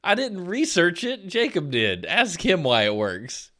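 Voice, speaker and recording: Young male podcast co-host, lively intonation, casual and jokey. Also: sits high, unhurried. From Florida. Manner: animated, laughs often, acts out quotes.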